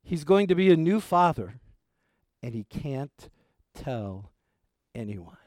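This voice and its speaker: A male preacher telling a scripture story with expressive, storytelling delivery and a dry sense of humor. His voice sits a little higher than most men's, and he lets it sink quiet and low at the ends of phrases. The sound is close and dry, with almost no room around it. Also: slow pace, no room sound. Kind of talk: sermon.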